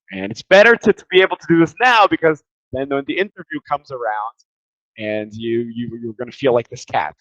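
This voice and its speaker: A tired man teaches English grammar in a loose, chatty way, often doubling words as he searches for the next thought. His voice sits at a middle pitch. The recording is close and dry, with a slightly dull, lo-fi tone. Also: fairly bright tone, dry recording. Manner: chatty, repeats words while thinking. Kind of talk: casual grammar lesson.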